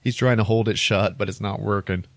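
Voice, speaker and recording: A man's voice: on the low side, steady tone, brisk, no echo. A man co-hosting a podcast, casually retelling a film plot in a rambling way, chuckling between lines and saying "like" a lot. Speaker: podcast co-host.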